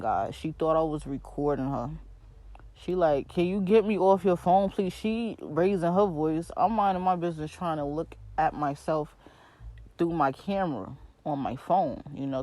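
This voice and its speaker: A woman's voice: low-pitched, no echo. Slangy young New York woman ranting. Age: 20s. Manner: slangy, animated, talks straight to listeners. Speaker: podcast host. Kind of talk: casual storytelling rant.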